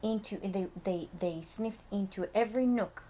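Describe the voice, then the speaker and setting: A woman reads a picture book to a room of little ones, her voice sitting at an ordinary middle pitch. She swings between bright, lively reading and hushed, whispered asides to the children. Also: moderate pace, a little hiss or hum. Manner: animated, often drops to a soft whisper, talks to the children. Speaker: preschool teacher reading aloud. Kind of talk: picture book read-aloud for young children.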